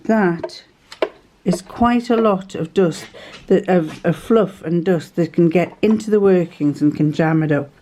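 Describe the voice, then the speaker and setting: A woman's voice: lowish voice, a little slow, mellow, a little hiss or hum. Older woman telling rambling anecdotes. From northern England. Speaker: sewing vlogger. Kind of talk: casual chat.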